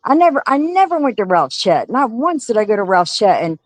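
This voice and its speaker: A woman's voice: a little high, sing-song, a little fast, no echo, low-quality recording. A woman hosting a livestream, scolding her chat in a profane, confrontational rant. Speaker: livestream host.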